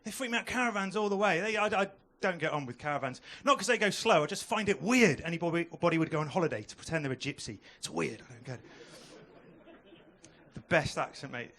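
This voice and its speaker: A young man doing a stand-up comedy set on a club stage, chatting with the crowd through a handheld mic and throwing in quick asides. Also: a little high, animated, a bit bright.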